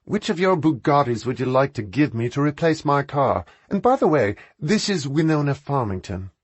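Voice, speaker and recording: A man reading an audiobook, voicing a brusque, sharp-tongued aristocratic woman in a raised voice. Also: big pitch swings, normal speed, slightly rough, no room sound, dull audio. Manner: exclaiming, higher voice.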